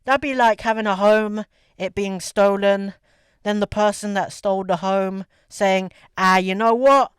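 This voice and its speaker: A man's voice: sits high, flat delivery, measured pace, clean tone, no echo. A young man giving casual, rambling, sarcastic opinion commentary, often repeating his words. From Australia. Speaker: video essayist.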